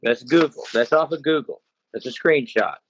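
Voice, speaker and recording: A man who runs a cattle ranch recounts, as a consumer, how he was scammed, in a casual first-person story told in a rambling, folksy way that often repeats itself. His mid-range voice moves at normal speed over slight background noise, with dull, lo-fi, dry sound.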